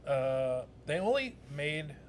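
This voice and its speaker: Chatty young man with halting explanations. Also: a little high, sing-song, slight background noise. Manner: explains at length, halting with fillers and restarts. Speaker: podcast co-host. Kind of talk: casual chat.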